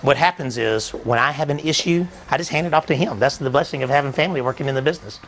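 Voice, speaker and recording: A man's voice: medium pitch, fast talker, noisy background. A man, a store co-owner giving an earnest, chatty promotional talk that quotes scripture.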